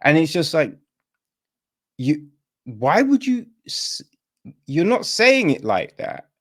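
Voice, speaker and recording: A man hosting a film review podcast, talking casually with many fillers and swinging from high exclamations to low mutters. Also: wildly swooping pitch, a little slow, fairly bright tone. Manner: incredulous, rambling, with many fillers.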